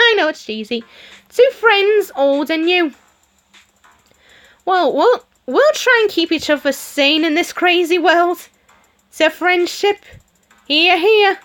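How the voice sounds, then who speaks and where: A woman's voice: very high-pitched, expressive, takes it slowly, fairly bright tone. A woman streamer reading a story game aloud, giggling and adding her own comments between the lines. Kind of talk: reading game dialogue aloud with playful voices.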